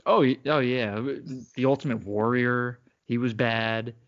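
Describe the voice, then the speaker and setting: A man's voice: mid-range voice, fairly even intonation, unhurried, a bit bright. A man co-hosting a podcast in casual chat, rambling and laughing often, slipping into mock accents. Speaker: podcast co-host. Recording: dull lo-fi sound.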